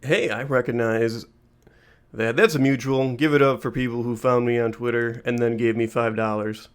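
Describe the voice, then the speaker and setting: A man's voice: mid-range voice, steady tone, moderate pace, clear, resonant tone. A man co-hosting a podcast, trading laid-back jokes in casual chat. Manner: laid-back joking banter. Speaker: podcast co-host.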